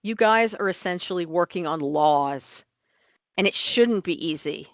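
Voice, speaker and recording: Female agency staffer, lower register, dry close sound, emphatic plain explainer at a board meeting. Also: unhurried, no room sound. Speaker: licensing office staff presenting rule changes.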